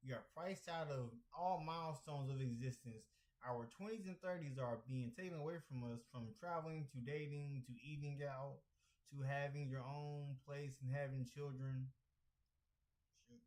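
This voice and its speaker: A man's voice: medium pitch, normal speed, a little mellow. A young man talking casually and emphatically straight to his viewers. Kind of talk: casual venting clip.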